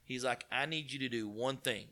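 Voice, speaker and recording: Man, East Tennessee accent, bright forceful voice, folksy animated storyteller. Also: medium pitch, moderate pace. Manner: folksy, animated retelling with quoted dialogue. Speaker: car dealership partner. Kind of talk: casual storytelling interview.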